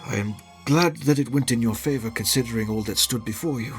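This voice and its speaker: A man's voice: mid-range voice, fairly quick, faint music behind, natural voice. A man voicing a composed noble lord who speaks formally. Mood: courtly.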